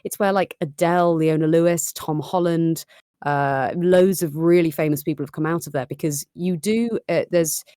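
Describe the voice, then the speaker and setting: A woman's voice: low voice, normal speed, warm tone, smooth, dry recording, studio quality. A young woman chatting casually and jokily as a guest, with frequent restarts. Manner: chatty, jokey, with restarts and laughs. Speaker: guest audio maker. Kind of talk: casual chat on a live stream.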